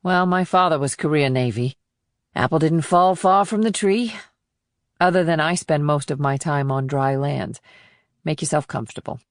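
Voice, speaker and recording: A woman voicing a blunt, wry female FBI agent in an audiobook, speaking in a low, plain manner. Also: moderate pace, no echo, clean studio sound. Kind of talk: audiobook dialogue.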